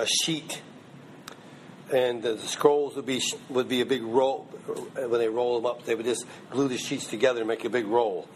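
In this informal Bible class lecture, a medium-pitched male voice comes through over slight background noise. The teacher keeps things conversational, often checking with listeners by saying "okay?" and "you know what I mean?"

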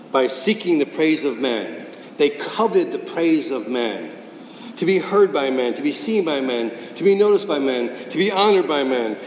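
A man's voice: mid-range voice, darkish tone, a little hiss or hum. A man preaching a sermon, pressing his points with rhetorical questions and repetition. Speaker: pastor. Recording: echoey hall with faint ambience.

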